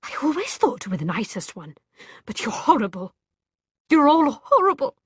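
A woman voicing a distraught, self-pitying young woman with a shrill, dramatic delivery. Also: very animated, a little slow, dark tone, dry recording, full character voice. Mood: tearful.

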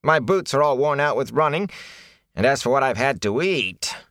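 A man voicing a ragged, frightened male peddler who talks in a raspy, hoarse, whining way. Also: medium pitch, expressive, normal speed, a bit bright, dry recording, clean studio sound, voice pushed up. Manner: whining, fearful, rambling.

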